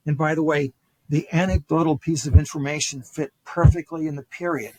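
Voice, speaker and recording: Older guy on a podcast, husky, a bit higher voice, lots of ums and restarts, dry close sound. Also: a little fast, no echo, rough recording. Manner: animated retelling with acted quotes, many fillers and restarts. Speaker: podcast guest, historian. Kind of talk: casual storytelling lecture.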